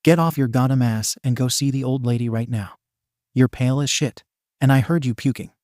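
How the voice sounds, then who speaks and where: A man's voice: medium pitch, brisk, a little mellow, no echo, studio quality, lightly acted. A man voicing a hot-tempered, foul-mouthed teenage boy who snaps exasperated insults. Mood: irritated.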